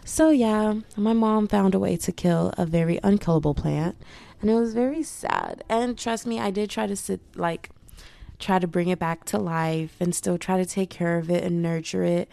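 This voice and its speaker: Young woman, gravelly fry, chatty rambling vlog talk, faint music behind. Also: on the low side, very animated, normal speed, warm tone, no echo. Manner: chatty, self-interrupting, many "like"s. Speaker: vlogger. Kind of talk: casual rambling chat.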